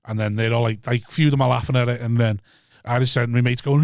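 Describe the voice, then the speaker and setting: A man who is a comedian chats quickly and bluntly, swearing as he goes. His voice has a middle pitch. The recording is dry and close. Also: steady tone, a little mellow, no echo. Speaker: comedian guest. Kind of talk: casual chat.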